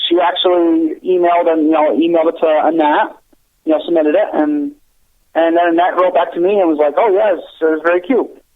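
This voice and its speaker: A man who writes children's books, talking earnestly as a radio guest with many halting restarts. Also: on the high side. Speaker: children's book author, guest. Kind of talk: casual interview chat. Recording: tinny phone line.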